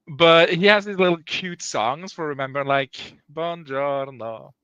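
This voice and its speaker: Man guest on a casual stream, tired and drawling, bright forward tone, jokey. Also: a little high, a little slow, no room sound, highs cut off. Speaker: guest co-host. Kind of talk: casual chat on a live stream.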